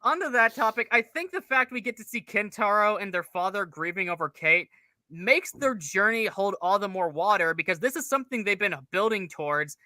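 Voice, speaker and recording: Man, co-host, casual review chat, rambling analysis, very bright tense voice, dry sound. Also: high-pitched, lively intonation, a little fast, no echo.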